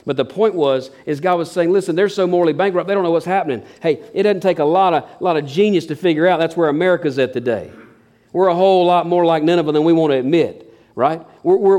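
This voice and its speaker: A man's voice: a little high, fast, a little mellow. Folksy preacher man, emphatic. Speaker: pastor. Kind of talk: sermon.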